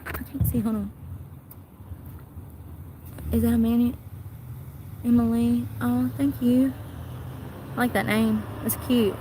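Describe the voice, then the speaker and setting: A woman's voice: on the high side, level tone, slow pace, pauses often. A woman in her forties talking bluntly and candidly on a casual walking vlog as she walks along a road, swearing freely and filming on a handheld phone. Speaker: vlogger. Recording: loud traffic noise outdoors. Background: passing cars and street noise.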